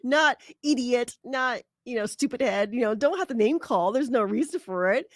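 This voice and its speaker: A woman's voice: a little high, expressive, moderate pace, dry recording, studio quality. A woman hosting a casual advice podcast, chatty, laughing often and using many fillers. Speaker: podcast host.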